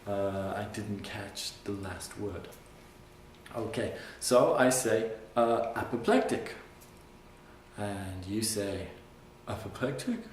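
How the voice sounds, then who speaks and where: A male English teacher giving a classroom lesson, patiently repeating phrases slowly for his learners. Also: medium pitch, a little mellow, slight background noise. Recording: roomy classroom sound from a distant mic.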